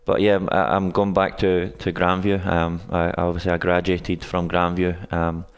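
A young Scottish man with a very deep, even voice that rarely rises or falls. He talks in a smooth, resonant tone, stopping often with ums and restarts. The sound has a long reverb, as if in a hall. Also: normal speed. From Scotland. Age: 20s. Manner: hesitant, many ums and restarts. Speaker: guest, college soccer coach. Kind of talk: casual interview answers.

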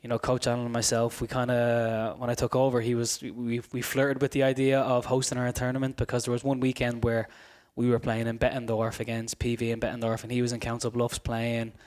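Quick, slightly raspy man, under the weather. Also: medium pitch, completely flat delivery, a little mellow. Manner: rambling, many restarts and fillers. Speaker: high school soccer coach. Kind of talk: podcast interview guest.

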